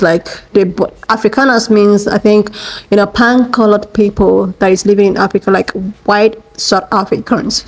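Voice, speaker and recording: A woman's voice: mid-range voice, low-quality recording. A woman giving casual commentary on a news story, hesitant and full of fillers. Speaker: social media commentator.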